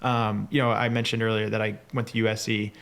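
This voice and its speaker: A man's voice: on the low side, level tone, vocal fry, fairly bright tone. A man with a New York area accent, a company founder talking passionately as a podcast guest, full of fillers. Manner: fast, filler-heavy, passionate. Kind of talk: casual chat.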